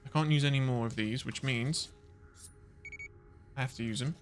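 A man streaming a video game, rambling and quick to laugh and exclaim as he plays. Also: mid-range voice, faint music behind. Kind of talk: casual live gameplay commentary.

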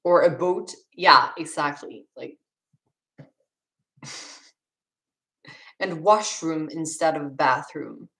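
With long pauses and a very slow delivery, a young Swedish-accented woman from Sweden reads viewers' chat questions on a live stream and answers them in a relaxed way, laughing and restarting. Her voice is low, creaky and fairly bright in tone, captured in a low-quality recording.

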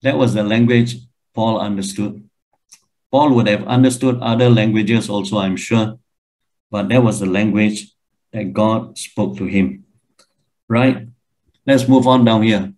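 Slow-talking emphatic man giving a Bible lecture. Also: low-quality recording. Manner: emphatic, animated, with pitch jumps and repeated questions to the audience.

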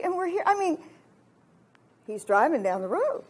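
A woman, probably older, telling a story from the pulpit in a lively sermon, acting out the voices of herself and her husband. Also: very high-pitched, moderate pace. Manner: animated, acts out her own lines and her husband's. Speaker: camp speaker.

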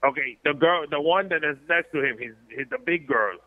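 A man's voice: on the high side, fairly quick. Man calling in over a tinny phone line. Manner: laid-back, says bro. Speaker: caller. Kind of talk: casual call-in chat.

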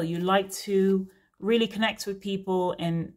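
A woman's voice: mid-range voice, fairly even intonation, a little slow, darkish tone. A woman giving a casual, frank tarot reading to her viewers, chatty with many fillers and asides. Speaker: tarot reader.

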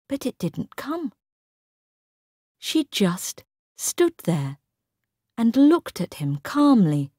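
A woman narrating a short story in a careful, clear way for English learners. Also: fairly low pitch, no room sound, studio quality.

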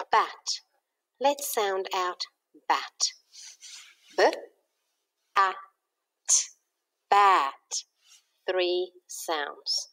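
Lively teacher woman sounding out letters. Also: fairly low pitch. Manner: slow, clear sounding out of letters for young children. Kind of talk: home learning phonics lesson.

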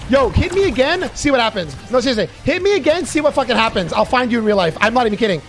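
High pitched gamer guy yelling and swearing at his team, some quiet music under it. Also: quick pace. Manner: profane, excitable trash talk at teammates. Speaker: gaming YouTuber. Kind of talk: live gameplay commentary with teammates.

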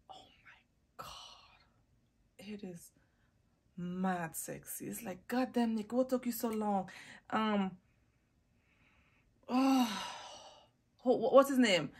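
A woman chatting casually in a perfume haul vlog, gushing and drawing out words for emphasis, recorded close on a phone or camera mic. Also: medium pitch. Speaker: fragrance vlogger.

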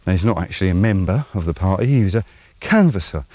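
A man's voice: sits low, expressive, fast, a little mellow, dry recording. A man with an Estuary English accent hosting his own channel, talking through an opinionated commentary in a rambling, conversational way full of ums. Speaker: channel host.

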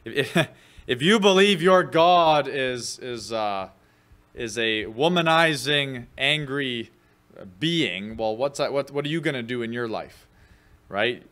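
A man preaching in a church, speaking slowly and deliberately. His pitch sits in a middle range, and he teaches in a relaxed, conversational way with many fillers. When he reads quoted scripture he rises and speaks louder. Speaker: pastor. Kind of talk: sermon.

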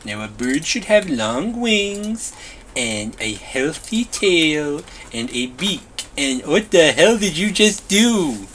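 A performer doing a whiny, bossy little overseer who fancies itself a bee, in a game-video comedy. It drawls its orders slowly at a middling pitch. It bosses the builders around in childish, broken grammar. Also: big pitch swings, a bit bright, slight background noise. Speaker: boss directing the builders. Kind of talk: comedic machinima voice acting.

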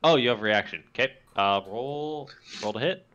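A man running a tabletop game as game master, narrating and ruling in a halting way with many restarts. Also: medium pitch, fairly bright tone. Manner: halting, full of restarts and fillers. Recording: dull lo-fi voice chat audio.

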